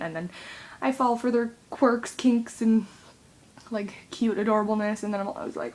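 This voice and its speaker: A woman's voice: medium pitch, steady tone, moderate pace, pauses often. A young adult woman vlogging, venting in a rambling, swear-heavy way full of fillers. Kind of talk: casual venting monologue.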